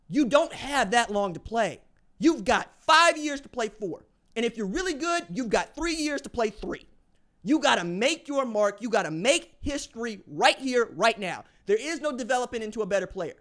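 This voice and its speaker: A man hosting a sports podcast, delivering an opinionated monologue in casual slang, swinging from low asides to loud hype shouts. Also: sing-song, moderate pace. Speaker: podcast host.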